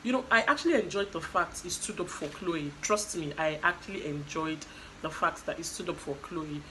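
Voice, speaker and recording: A woman's voice: on the low side, moderate pace, pushed and bright, a little hiss or hum, poor audio. A woman casually recapping a reality show, chatty, with fillers and quoted asides.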